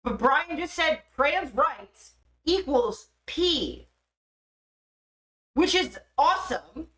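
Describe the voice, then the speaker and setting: A woman's voice: high-pitched, lively intonation, very slow, fairly bright tone, roomy sound. A young woman streaming live, chatting casually and swearing freely as she laughs at herself.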